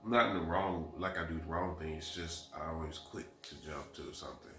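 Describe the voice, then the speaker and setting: A man's voice: a bass voice, a little fast, sharp tone. A young man recounting a story alongside his wife in a casual vlog, rambling earnestly and quoting what was said. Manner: rambling, earnest retelling with quoted dialogue. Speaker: husband co-hosting the vlog. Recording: echoey room.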